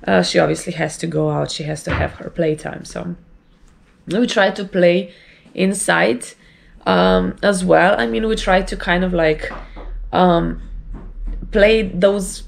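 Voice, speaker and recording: A woman talks casually to her camera at home, rambling and chatty. Her voice is low and gravelly, rough and strained by a sore throat. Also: lively intonation, measured pace. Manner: rambling, chatty, with light laughs. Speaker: vlogger.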